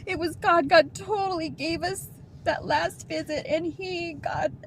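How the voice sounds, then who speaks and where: A middle-aged woman telling a personal story to her viewers, halting and emotional, with soft laughs and restarts. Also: extremely high pitch, steady tone, slight background noise, low-quality recording. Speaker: vlogger.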